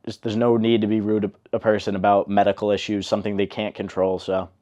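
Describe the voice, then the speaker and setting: A young man in an interview, telling a family story in a relaxed, chatty way with lots of fillers. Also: fairly low pitch, fast, highs cut off. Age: young adult. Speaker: interviewee, older brother.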